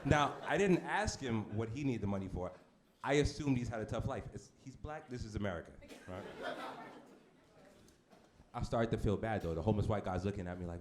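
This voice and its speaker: A man performing a brash stand-up comedy set on a club stage, with deadpan shock delivery and asides to the crowd. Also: on the low side, fairly quick. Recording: noisy live club recording. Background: audience laughter.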